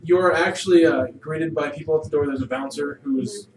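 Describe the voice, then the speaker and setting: A man narrating a tabletop game as game master, loose and relaxed, with many fillers. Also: on the high side, normal speed. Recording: roomy, distant from mic, faint hiss.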